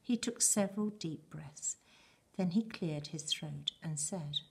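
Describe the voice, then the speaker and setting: Female teacher reading bedtime stories; expressive, low, husky. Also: slow pace. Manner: expressive, lively storytelling.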